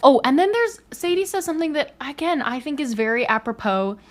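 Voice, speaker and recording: A woman's voice: high voice, fairly quick. Giggly, bubbly young woman co-host. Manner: bubbly, giggly, animated retelling of scenes. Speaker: podcast co-host. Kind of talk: casual podcast chat about a book.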